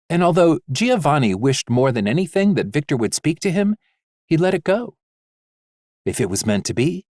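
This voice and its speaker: A man narrating a fantasy audiobook in an expressive, measured way. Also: mid-range voice, dry recording, clean studio sound. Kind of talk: scripted narration.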